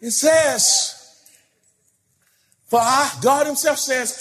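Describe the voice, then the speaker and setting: A man preaching a sermon, shouting and whooping and calling out to the congregation. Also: very high-pitched, expressive, takes it slowly, long pauses. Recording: live church with music and congregation.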